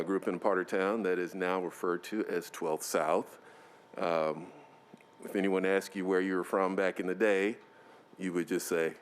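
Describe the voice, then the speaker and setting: A man from Nashville, a lobbyist, introducing himself to a council committee in a steady, affable way. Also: low-pitched, slight background noise. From Nashville, Tennessee. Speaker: contract lobbyist. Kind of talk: self-introduction at a meeting.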